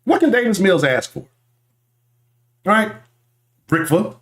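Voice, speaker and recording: Ranting profane Houston sports host, echoey room. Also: male voice, sits high, expressive, takes it slowly. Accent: Houston Texas. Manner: loud, profane and ranting, reading chat. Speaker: sports talk show host. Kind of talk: live-stream sports talk.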